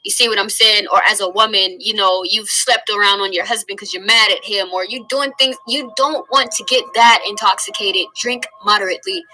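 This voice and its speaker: A woman teaching from the Bible in a casual, earnest way, slowly stressing key phrases. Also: mid-range voice, steady tone, bright, forceful tone, low-quality recording. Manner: earnest, conversational, drawn-out emphasis on key phrases.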